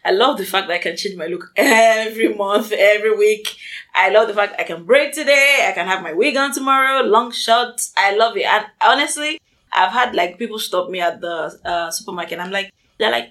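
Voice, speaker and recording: A woman's voice: mid-range voice, fairly quick, a bit bright. A woman and college student chatting playfully in a casual round-table talk. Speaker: student club member.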